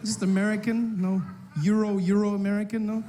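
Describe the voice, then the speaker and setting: Brief: male stand-up comic working a live crowd, high voice, faint background hiss. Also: little pitch movement, moderate pace, dark tone. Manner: riffing, playful crowd work. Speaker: stand-up comedian. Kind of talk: stand-up comedy routine.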